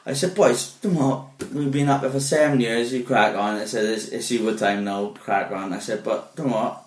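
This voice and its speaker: A man's voice: mid-range voice, moderate pace, far from the mic. Sweary man telling stories. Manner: sweary storytelling, acts out quotes. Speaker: podcast co-host. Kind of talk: casual football chat. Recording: echoey room, off-mic.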